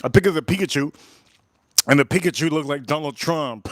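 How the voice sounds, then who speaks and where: A man's voice: fairly high pitch, brisk, fairly bright tone, dry recording, studio quality. A man reviewing whiskey in casual live-stream chat, enthusiastic and repeating his phrases.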